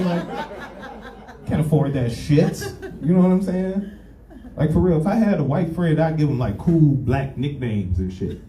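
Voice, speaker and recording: A man doing a stand-up comedy set, telling loud profane stories and bantering with the crowd. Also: a little high, animated, moderate pace. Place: comedy club. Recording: roomy club sound, distant mic, audience laughter. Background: audience laughing.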